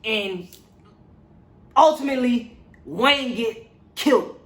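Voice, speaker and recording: Reviewer with a mid-pitched voice, slangy and animated plot recap, roomy echo. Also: slow pace. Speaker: movie reviewer.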